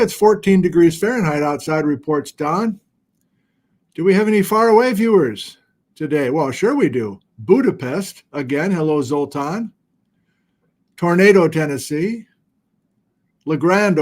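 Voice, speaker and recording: A middle-aged man with a slightly high voice hosts a casual livestream from a home studio. He chats loosely and pokes fun at himself while reading out viewer locations. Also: animated, measured pace, a little mellow. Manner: chatty, self-deprecating, reads viewer locations aloud. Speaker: livestream host. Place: home studio with document camera.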